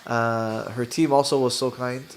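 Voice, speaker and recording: A young Canadian man talks through a fight night on a live stream in a relaxed, chatty way. He laughs easily and reads out viewer comments as he goes, and his voice sits at an ordinary middle pitch for a man. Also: unhurried, faint music behind. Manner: laid-back, chatty, laughs often. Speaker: fighter hosting a live watch party. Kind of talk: casual live-stream chat reading comments.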